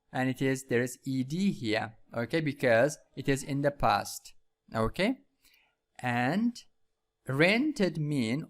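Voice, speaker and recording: A man teaching English with a Vietnamese accent, going over vocabulary and repeating each word several times. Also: fairly high pitch. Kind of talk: slow classroom lesson with repetition.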